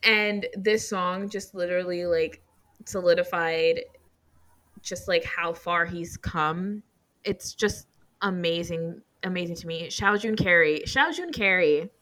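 A woman co-hosting a casual fan chat, talking in an animated, emphatic way. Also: lowish voice, measured pace. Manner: animated, emphatic, playfully defensive. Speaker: podcast co-host.

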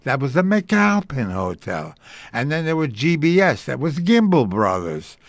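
An older man with a gravelly voice tells long stories in an interview. He acts out the people he quotes, and his voice rises and falls with the telling. The recording is close and dry. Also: mid-range voice, measured pace, no echo. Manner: animated storyteller acting out quoted voices. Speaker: interviewee recalling a radio career. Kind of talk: storytelling interview.

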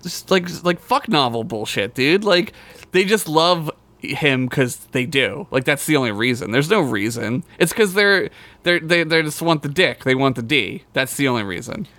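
A man co-hosting a casual podcast, reacting to a TV episode with animated, profane banter. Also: medium pitch, moderate pace, dry recording. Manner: animated, profane, laughs often. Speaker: podcast co-host. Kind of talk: casual chat recapping a TV episode.

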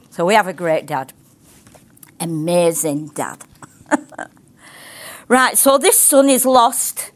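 An older woman, teaching a sermon in a chatty way and acting out the voices she quotes. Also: mid-range voice. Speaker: ministry teacher.

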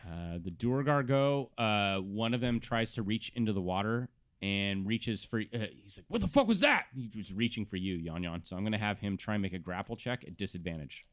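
A man narrating as game master of a tabletop game, telling the scene in an animated way and stretching out words. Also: fairly low pitch. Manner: animated storytelling, drawn-out words.

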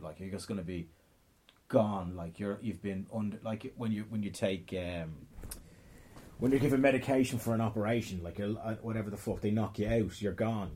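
Speaking with a Dublin accent, this young comedian rambles through a profane story in easygoing conversation, often stopping himself partway through a sentence. His pitch is fairly low, and his tone is warm and slightly rough.

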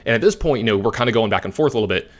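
A man casually telling a long story as a podcast host, animated and rambling, with lots of fillers. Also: fairly low pitch, very fast, highs cut off. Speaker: competitive card game player.

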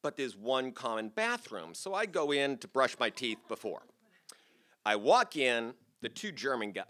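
A man's voice: medium pitch, fairly bright tone. A man in his sixties telling a personal story on a theater stage to a live audience, in a chatty, self-deprecating way.

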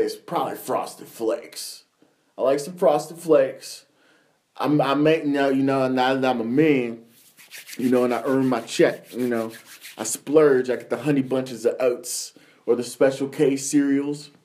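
Un hombre joven en una charla informal de podcast, que divaga con muchas palabrotas y se ríe mientras cuenta anécdotas. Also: male voice, mid-range voice, unhurried, darkish tone. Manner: profane, rambling storytelling with frequent laughter. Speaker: podcast host. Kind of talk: casual chat.

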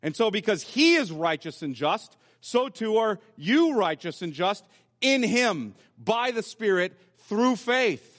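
A man's voice: high voice, very animated, unhurried, a bit bright, long reverb tail. A man preaching a sermon as pastor, explaining scripture step by step in a teaching manner. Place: church sanctuary.

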